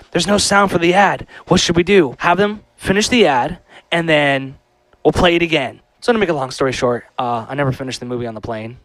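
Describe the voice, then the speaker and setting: A man who works as a DJ telling a deadpan, sarcastic story-time skit. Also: mid-range voice, dry recording. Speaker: DJ and skit creator.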